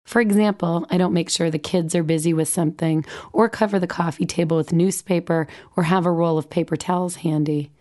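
A woman in her forties reads her memoir aloud, wry and self-deprecating. Her voice is low for a woman and mellow. She keeps a warm, unhurried reading tone. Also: fairly even intonation. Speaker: memoir narrator, mother. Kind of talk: audiobook memoir narration.

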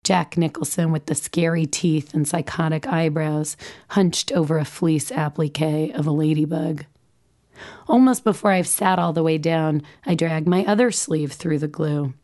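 A woman in her forties reads her memoir aloud, wry and self-deprecating. Her voice is low for a woman and mellow. She keeps a warm, unhurried reading tone. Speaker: memoir narrator, mother. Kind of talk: audiobook memoir narration.

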